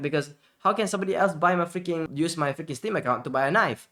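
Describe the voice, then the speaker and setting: A male streamer telling a storytime vlog in an animated, exasperated way, full of slangy asides. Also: a little high, fast talker.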